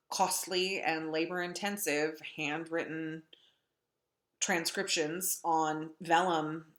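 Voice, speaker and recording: Low-pitched woman, wry chatty lecturer, roomy echo. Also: a bit bright. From North Dakota. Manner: chatty, wry, with many ums. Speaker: literature lecturer. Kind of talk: classroom lecture. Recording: echoey room.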